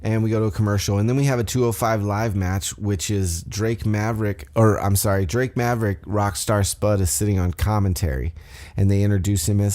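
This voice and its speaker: A man with a lowish, mellow voice recaps a wrestling show on his podcast. His talk is loose and profane, full of side remarks and self-corrections. He speaks into a desk microphone in a home setup. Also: steady tone, brisk. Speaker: podcast host.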